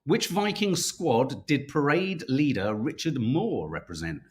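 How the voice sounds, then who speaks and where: A man's voice: medium pitch, big pitch swings, unhurried. A man from the United Kingdom hosting a casual live-stream quiz for viewers, chatty and self-mocking, stumbling over names as he reads. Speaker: podcast co-host running a viewer quiz.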